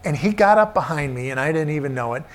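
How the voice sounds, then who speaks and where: A man's voice: on the high side, animated, fast. A middle-aged man preaching a sermon, telling a childhood story and repeating short emphatic refrains.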